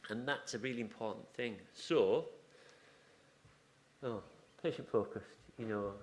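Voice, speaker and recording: In a conference room, a man gives an informal talk in a mid-range voice at a slightly slow pace. He is chatty and rambling, breaking off into asides and restarting his sentences.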